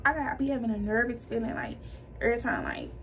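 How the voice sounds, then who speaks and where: A woman's voice: fairly high pitch, sing-song, quick pace, gravelly, fairly bright tone, slight background noise. A young woman vlogger telling her own story in casual, slangy chat to her viewers, animating the people she quotes. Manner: chatty and slangy, addressing viewers as y'all.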